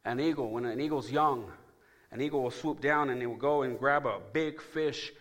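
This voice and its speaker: A pastor delivers a sermon in a bright, forceful voice. He preaches emphatically and calls on the congregation to answer him. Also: medium pitch, moderate pace. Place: church.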